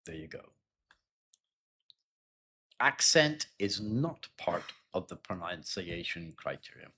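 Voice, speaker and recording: Husky low-voiced man teaching. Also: sharp tone. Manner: loose and conversational, with repeated words and fillers. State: keeps clearing his throat. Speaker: English exam teacher. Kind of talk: explanatory spoken lesson.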